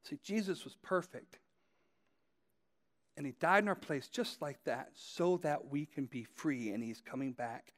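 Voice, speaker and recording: A man with a fairly high voice preaches a sermon. He tells his points as a story, speaking straight to the people listening and repeating key phrases to drive them home. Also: measured pace, a bit bright. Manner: conversational storytelling, addressing listeners directly. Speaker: pastor.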